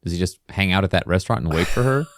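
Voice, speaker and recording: Animated man joking through a movie recap. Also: low-pitched, rapid-fire, no echo, studio quality. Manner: jokey, laughs while retelling. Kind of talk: casual movie recap chat.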